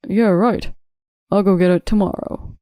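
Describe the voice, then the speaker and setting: A woman voicing a weak young husband who protests loudly and then begs, reading a drama story aloud. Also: mid-range voice, fairly even intonation, measured pace, no echo, studio quality, lightly acted. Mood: indignant. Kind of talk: audiobook narration.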